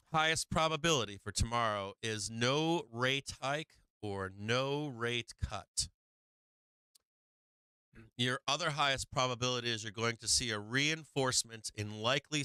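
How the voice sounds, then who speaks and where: A man hosting a live stock market stream, chatting casually with profanity, frequent laughter and sudden animated bursts. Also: medium pitch, clean tone, no room sound. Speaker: stock market livestream host. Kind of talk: casual live trading commentary.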